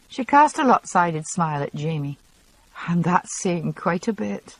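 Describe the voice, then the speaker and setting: Husky-voiced woman narrating an audiobook. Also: fairly low pitch, sing-song, a little slow, no room sound, low-quality recording. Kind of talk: first-person novel narration.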